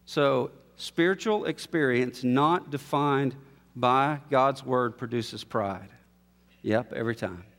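A man preaching an expository sermon, building to emphatic peaks and then dropping low and quiet. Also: takes it slowly. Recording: long reverb of a large hall.

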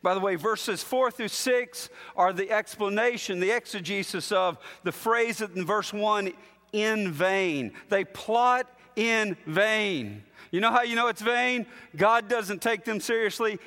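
Man preaching in a reverberant hall. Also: fairly bright tone. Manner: emphatic, drops low and slow on key phrases. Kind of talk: expository sermon.

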